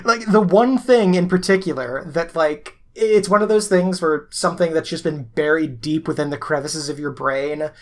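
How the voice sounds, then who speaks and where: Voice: mid-range voice, moderate pace, few pauses. A podcast co-host in casual conversation, chatty with many fillers and laughs.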